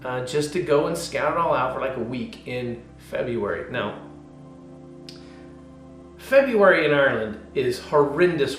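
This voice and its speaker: Male pastor, mid-range voice, casual testimony; animated, drops to hushed asides; roomy echo. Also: medium pitch. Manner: animated storyteller, swings from loud to hushed.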